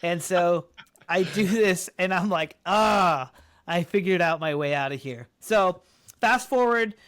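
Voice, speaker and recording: A man as a podcast guest, telling a story in casual, animated fashion and acting out what people said. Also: unhurried. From Colorado, United States. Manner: animated, acts out quotes with big pitch jumps.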